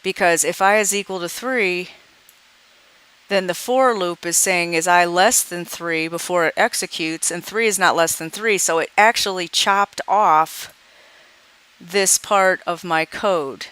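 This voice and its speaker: Bright, clear woman teaching code. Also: lowish voice, measured pace. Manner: thinking aloud while debugging, reading dialog lines aloud. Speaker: programming teacher. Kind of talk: screencast coding tutorial.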